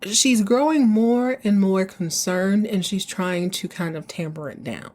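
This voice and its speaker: A woman hosting a podcast, casually recapping a TV episode in an animated, slangy way and acting out the characters. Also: medium pitch, unhurried. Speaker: podcast host.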